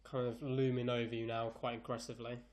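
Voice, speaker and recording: A man narrating a tabletop role-play game as game master, in a relaxed, wry tone. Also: mid-range voice, fast talker.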